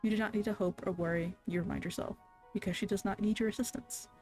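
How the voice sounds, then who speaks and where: Game streamer reading narration aloud, steady measured delivery, mid pitch, faint music underneath.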